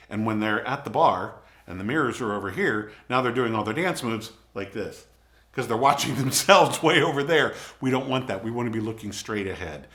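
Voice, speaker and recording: A man's voice: medium pitch, a bit bright. A man hosting his own channel, giving casual, encouraging advice straight to the camera in a conversational way. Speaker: video coaching host.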